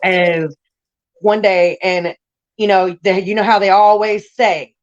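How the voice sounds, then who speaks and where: A woman's voice: medium pitch, steady tone, takes it slowly, dull audio. A woman telling her life story in a casual interview, blunt and raw, rambling with restarts.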